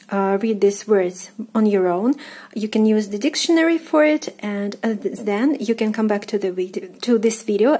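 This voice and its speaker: A woman with a Russian accent teaches a pronunciation lesson, saying each word slowly two or three times. Her voice is mellow and a little husky, and she pauses often with small fillers. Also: mid-range voice. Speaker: language teacher. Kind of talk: online language lesson.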